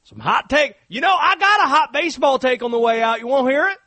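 A man voicing an excitable, conspiracy-minded Cajun sports fan with a Cajun accent, rambling hot takes. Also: fast talker, no echo, heavily acted. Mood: suspicious. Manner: loud, high-pitched, rambling hot takes. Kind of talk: sports radio bit.

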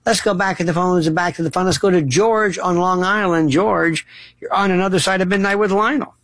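A man's voice: sits high, a little fast, fairly bright tone, no echo. A man hosting a late-night call-in radio show, effusive and theatrical. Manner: theatrical, effusive sign-offs. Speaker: radio talk show host.

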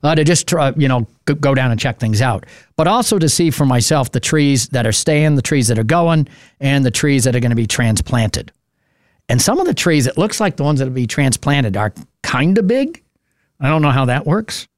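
A man's voice: mid-range voice, animated, moderate pace, dry recording, studio quality. Chatty New radio host man. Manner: chatty and rambling, many "uh" fillers. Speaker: local radio talk show host. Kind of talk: casual open-mic radio chat.

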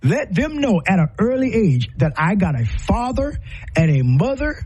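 A man's voice: sits high, sing-song, moderate pace, darkish tone. A middle-aged man hosting a show, giving impassioned, preacher-like commentary full of rhetorical questions and repetition.

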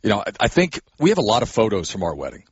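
A man with a husky, somewhat low voice who chats and tells anecdotes on a podcast. The recording is dry and slightly muffled. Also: racing, no room sound. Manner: relaxed anecdotal, conversational. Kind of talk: casual chat.

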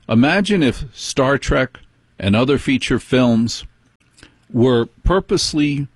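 Husky late-night radio host, a man. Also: medium pitch, dry recording. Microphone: studio microphone.

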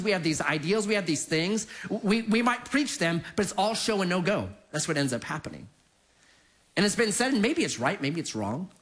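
Animated male pastor preaching. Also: high-pitched. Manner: animated storytelling with acted quotes. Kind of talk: sermon.

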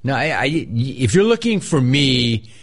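A middle-aged man hosting a call-in radio show, chatting casually and riffing on his pet peeves. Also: unhurried. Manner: animated, mocks people in a high put-on voice.

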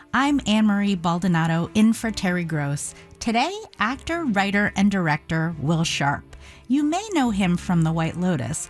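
A woman guest-hosting a radio program, giving a lively scripted introduction. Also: medium pitch.

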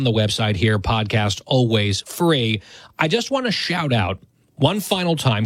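A male radio host in his thirties talks straight into a studio microphone, his voice very dry and close with no room sound at all. His pitch sits at an ordinary middle level. His manner is conversational and a little self-deprecating. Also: no room sound. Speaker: radio talk show host. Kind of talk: radio talk show monologue.

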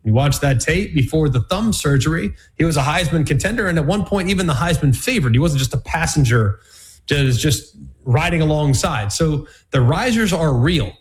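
A man's voice: fairly high pitch, animated, normal speed. A man hosting a college football analysis show, talking in a punchy, emphatic way with plenty of repetition. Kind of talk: sports commentary show.

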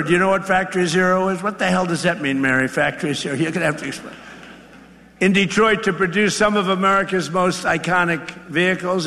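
A man's voice: high voice, pushed and bright. A man giving a political speech to a factory crowd, rambling and repetitive with boastful asides. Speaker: speaker addressing a factory crowd. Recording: long reverb of a large venue, faint ambience.

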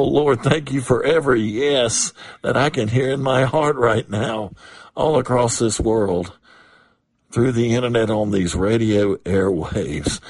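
A man preaching a sermon on the radio, slow and emphatic, repeating phrases for weight. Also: medium pitch, a little mellow, slightly rough, dry recording.

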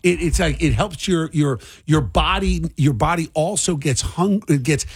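A man's voice: fairly high pitch, moderate pace, noisy background. A man from New hosting a morning radio show, chatting in a rambling, opinionated way. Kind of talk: casual morning radio banter.

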